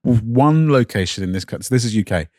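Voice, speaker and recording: A man's voice: medium pitch, animated, brisk, a little mellow, dry recording. A man co-hosting a casual car podcast, reading out a list with dry, teasing banter. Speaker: podcast co-host. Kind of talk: casual chat.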